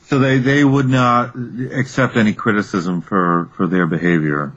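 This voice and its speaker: A man's voice: fairly low pitch, steady tone, normal speed, a bit bright, muffled recording. A man interviewing an author, asking hesitant questions with fillers and restarts. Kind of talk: casual interview.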